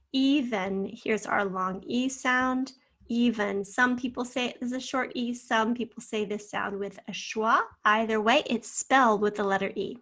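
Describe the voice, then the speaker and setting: A woman teacher dictating a spelling test and going over the answers syllable by syllable, slowly and carefully. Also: a little high, fairly bright tone. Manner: slow, careful word-by-word dictation. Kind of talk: spelling lesson for children.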